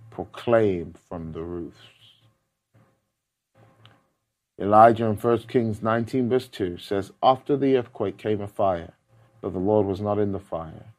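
A man preaching a sermon, counting off numbered points, quoting scripture and swinging between loud, emphatic lines and hushed ones. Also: fairly low pitch, lively intonation, unhurried.

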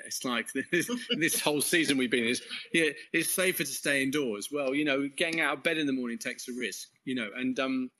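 An English man tells his story as an interview guest. His tone is bright and ringing, and he wanders through the telling, correcting himself and chuckling as he goes. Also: mid-range voice, moderate pace, poor audio. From England. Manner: rambling, self-correcting storyteller who chuckles often. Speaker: course leader.

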